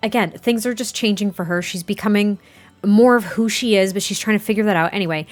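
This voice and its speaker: A woman hosting a let's play, chatting excitedly and getting exasperated at her game. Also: medium pitch, faint music behind. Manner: chatty, excitable, quick to exasperation, laughs often. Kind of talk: casual gameplay commentary.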